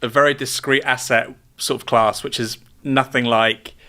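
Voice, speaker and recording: A man hosting an interview, asking measured, probing questions. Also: mid-range voice, fairly even intonation, pushed and bright.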